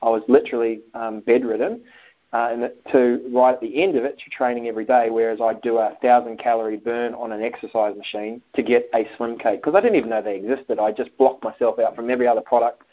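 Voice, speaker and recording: A fast-talking man with a mid-range voice is the guest in a casual interview, relating a personal story. He brings it to life by acting out phone calls and quotes, though the recording is dull and lo-fi.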